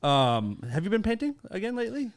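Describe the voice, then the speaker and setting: Lively, teasing male podcast host. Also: high voice, a crowd in the background. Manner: teasing, crude, quick jokes. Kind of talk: casual comedy podcast banter.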